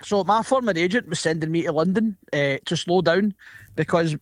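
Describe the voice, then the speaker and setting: A Glaswegian comedian tells an anecdote with animated energy, laughing often. His voice is notably high for a man. The sound is close and dry. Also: moderate pace, dry recording. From Glasgow. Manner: animated, laughs through stories. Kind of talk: casual anecdote.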